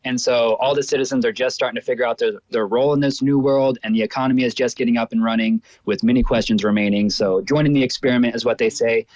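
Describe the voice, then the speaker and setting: A man co-hosting a relaxed online chat, speaking at an ordinary middle pitch. The sound is close and dry. He thinks aloud in an easygoing way, full of fillers. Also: no room sound, low-quality recording. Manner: easygoing, thoughtful, many fillers. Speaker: co-host. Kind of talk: casual chat on a live audio space.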